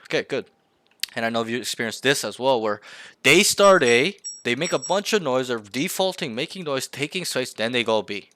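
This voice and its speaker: Bright-voiced man coaching in plain chat. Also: mid-range voice, expressive, normal speed, slight background noise. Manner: rambling, emphatic, swears casually, acts out callouts. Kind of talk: casual coaching over voice chat.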